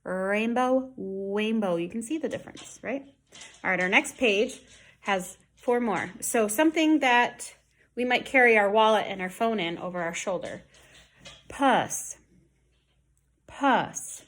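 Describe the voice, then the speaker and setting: Woman, online teacher, at home, slow exaggerated sound modeling, mid-range pitch. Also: expressive, fairly bright tone. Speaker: speech therapy teacher. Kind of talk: online lesson for children.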